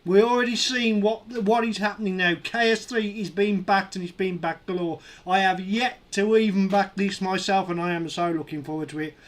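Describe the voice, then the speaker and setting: A man hosting a live stream, excitedly counting up backer totals and cheering milestones. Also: high-pitched, moderate pace, few pauses. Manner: excitable, counting numbers aloud, shouting at milestones.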